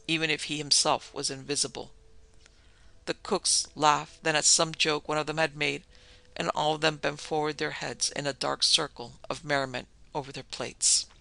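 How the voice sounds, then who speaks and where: Man narrating horror tales, gravelly texture, flat even delivery, dry close sound. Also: a little high, dry recording. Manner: measured, dramatic storytelling. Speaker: podcast narrator. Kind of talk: scripted horror story narration.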